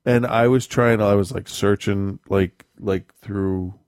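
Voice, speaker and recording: Low-voiced man telling a rambling story. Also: steady tone, takes it slowly, a little mellow, no echo, studio quality. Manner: rambling storyteller, self-correcting, laughs often. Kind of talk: casual chat.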